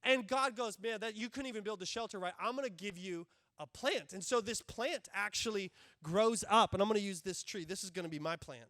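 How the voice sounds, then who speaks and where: A male pastor delivering a lively sermon, his voice sitting high for a man. He slips into the voices of the characters as he tells the story. The sound is dry and close, with almost no room echo. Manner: animated, acts out biblical characters' voices. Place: church sanctuary.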